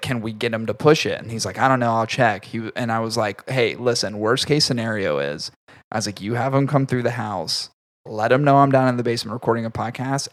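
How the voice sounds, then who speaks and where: A man's voice: medium pitch, fairly bright tone. A man hosting a podcast from his home basement, chatting casually, laughing often and swearing now and then. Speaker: podcast host. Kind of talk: casual chat.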